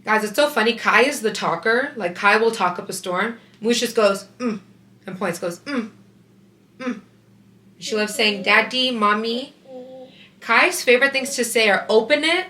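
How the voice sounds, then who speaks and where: A woman's voice: mid-range voice, moderate pace, bright, forceful tone. A woman in her twenties chatting casually to her viewers in a home vlog, filming on a handheld camera, with lots of "like" and "you guys". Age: 20s. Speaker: vlogger.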